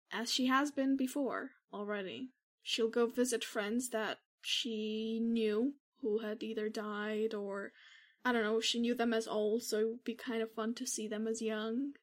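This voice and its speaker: A woman playing a tabletop role-playing game, speaking casually with hesitant restarts as she explains her character's plans. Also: fairly high pitch.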